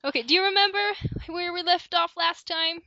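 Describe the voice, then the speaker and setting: A woman's voice: very high voice, fairly quick, creaky, bright, forceful tone, dry recording. A young woman co-hosting a casual podcast, playful and eager, laughing often. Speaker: podcast co-host. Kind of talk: casual chat. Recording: dull lo-fi home mic, dry.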